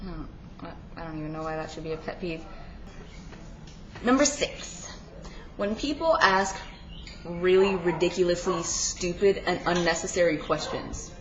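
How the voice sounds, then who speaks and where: A woman's voice: fairly low pitch, normal speed, pauses often, background noise. A teenage girl chatting casually in a home vlog, sarcastic and rambling, with lots of filler words. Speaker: vlogger. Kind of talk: casual pet peeves vlog. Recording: echoey room, dull lo-fi sound.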